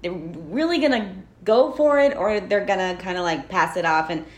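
A woman's voice: medium pitch, moderate pace. A woman discussing a film casually, thinking aloud with frequent restarts. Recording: roomy echo.

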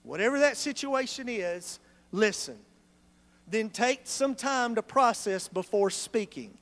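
Delivering a sermon in a church, this male pastor keeps it lively and conversational, peppering it with rhetorical questions. He speaks at a measured pace in an extremely high pitch.

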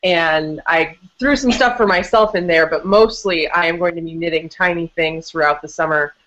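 A woman's voice: lowish voice, normal speed, fairly bright tone, lo-fi sound. Earnest woman chatting with small restarts. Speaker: podcast guest. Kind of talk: casual podcast chat.

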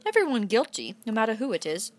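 A woman reads a storybook aloud, speaking very fast and with lots of animation as she voices a blunt, stubborn, middle-aged farmer father. Her delivery is stern, rumbling and defiant.

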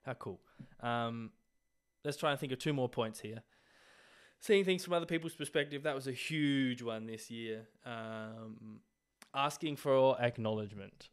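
A man's voice: mid-range voice, measured pace, clear, resonant tone. A young Australian man hosting a casual solo podcast, rambling and swearing, full of fillers, coughing a little as he gets over an illness. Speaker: podcast host.

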